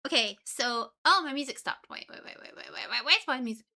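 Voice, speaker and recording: A woman's voice: sits high, animated, fairly quick, bright, forceful tone. A young woman streamer chatting casually, scattered and full of ums, breaking off mid-sentence. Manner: chatty, scattered, lots of ums and self-interruptions. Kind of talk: casual live-stream chat.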